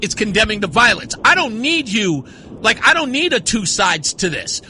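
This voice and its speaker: A man's voice: high-pitched, sing-song, normal speed, pushed and bright, a little hiss or hum. A man hosting a call-in radio talk show, arguing insistently with a caller and repeating his points. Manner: insistent, argumentative, repeats himself. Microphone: studio mic.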